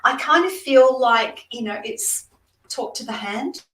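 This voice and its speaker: A woman's voice: sits high, lively intonation, a little slow. Chatty Australian woman in a roomy room. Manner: chatty and effusive, addresses viewers directly. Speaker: psychic reader, guest. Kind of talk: live-streamed card readings and chat. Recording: roomy room, distant mic.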